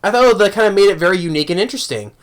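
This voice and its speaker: A man's voice: high-pitched, expressive, very fast. A young man casually reviewing a movie, rambling with many restarts and laughs.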